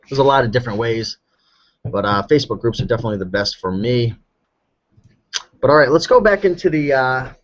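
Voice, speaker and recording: A man chatting casually on a live stream, answering viewer questions about reselling clothes, relaxed and full of ums, a bit hoarse. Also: medium pitch, dull audio. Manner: relaxed, chatty, with many ums and you-knows. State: slightly hoarse.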